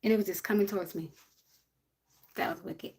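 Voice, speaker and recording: A woman's voice: medium pitch, fairly even intonation, a little fast, darkish tone, husky. A woman from City, chatting casually on a livestream with her viewers and her dog. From Jersey City, USA. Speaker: livestream host. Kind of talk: casual live-stream chat.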